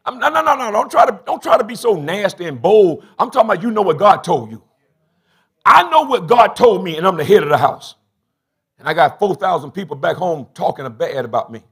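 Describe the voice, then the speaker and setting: A middle-aged man, preaching a sermon as bishop in a church, swinging from low confiding talk to shouted bursts. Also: sing-song, a little fast, slightly rough. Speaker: bishop and pastor. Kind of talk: call-and-response sermon. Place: church sanctuary.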